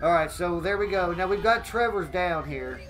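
A man giving excitable live gameplay commentary as a streamer, often exclaiming and greeting his chat. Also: sits high, normal speed, noisy background.

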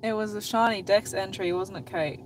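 A woman's voice: medium pitch, normal speed. Woman, co-host, dry teasing, casual banter, outdoor street noise, passing traffic. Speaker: co-host on stream.

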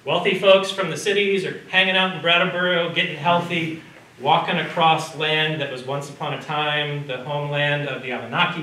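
A man's voice: medium pitch, bright, forceful tone. A man giving a public lecture with slides in a conversational way, often checking in with the audience. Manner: conversational, asks the audience questions. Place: community hall or lecture room. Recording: roomy sound from a distance, faint background noise.

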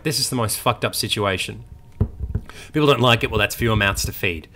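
Excitable young man gaming. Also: lowish voice. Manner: swearing, excitable, chatty. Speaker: gaming YouTuber. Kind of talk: casual let's-play commentary.

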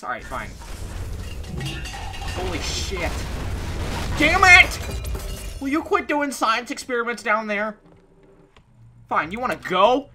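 Exasperated yelling woman gamer. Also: medium pitch, slight background noise. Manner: exasperated, swears often, yells in bursts then mutters. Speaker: gaming commentator. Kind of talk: let's play commentary.

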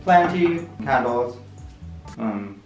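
A woman's voice: a bass voice, animated, extremely slow. A playful young woman giving a casual, giggly tour of her small bedroom. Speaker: vlogger. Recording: echoey room with music.

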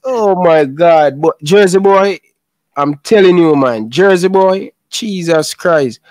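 A man's voice: fairly high pitch, a little mellow, no room sound. A young man with a Jamaican accent hosting a football channel, talking casually and emotionally in patois with lots of repetition. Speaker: YouTube football channel host. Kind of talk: casual chat.

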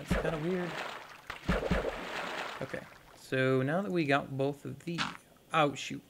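A man's voice: a little high, steady tone, normal speed, gravelly, pauses often, very noisy. A young man casually commenting on his gameplay, rambling and talking to viewers as he plays. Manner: rambling, talks to viewers while playing. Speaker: gaming YouTuber. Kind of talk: casual let's-play commentary.

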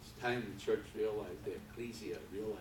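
A man preaching a sermon with fervor, swinging from quiet talk to loud passages. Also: lowish voice, steady tone, fairly quick. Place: church hall. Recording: echoey hall from far off with background noise.

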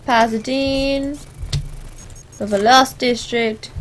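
A woman doing let's play commentary, sarcastic and animated, talking back at the characters on screen. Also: a little high, slow pace, slight background noise, low-quality recording. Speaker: gameplay commentator.

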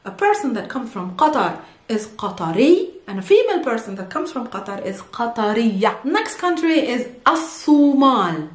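A woman with an Arabic accent teaching an online language lesson, enthusiastic and giggly, slowing down to pronounce words carefully. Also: a little high, sing-song, echoey room.

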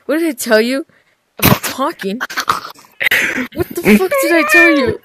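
High, lively woman scolding a game character. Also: normal speed, very noisy. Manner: exclamatory, scolding, laughs often, swears freely. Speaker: gaming video creator. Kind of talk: let's play commentary.

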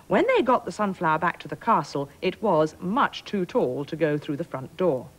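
Woman reading a kids' story, really sing-song and expressive. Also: fairly low pitch, normal speed, hardly any pauses, slightly rough. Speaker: presenter. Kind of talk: children's storybook narration.

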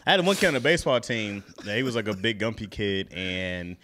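A man's voice: fairly low pitch, sing-song, brisk, sharp tone. A man co-hosting a casual podcast with jokey banter. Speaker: podcast co-host. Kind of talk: casual chat.

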